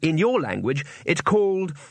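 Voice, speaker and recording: A man's voice: on the high side, sing-song, normal speed, creaky, no room sound, voice pushed up, full character voice. A man voicing a cheerful, naive male tourist who speaks politely, eagerly and without hurry. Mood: cheerfully naive.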